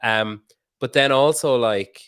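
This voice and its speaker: A man's voice: medium pitch, takes it slowly, fairly bright tone, clean tone, dry recording, studio quality. A man hosting a podcast interview, casual and joking, laughing a lot as he asks his questions. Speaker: podcast host.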